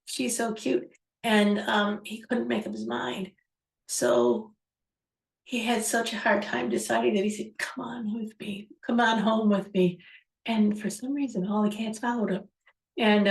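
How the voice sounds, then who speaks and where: Musing woman host in an echoey room. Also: mid-range voice. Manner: musing, reflective, rambling. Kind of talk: storytelling on a talk show. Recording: echoey room, far from mic.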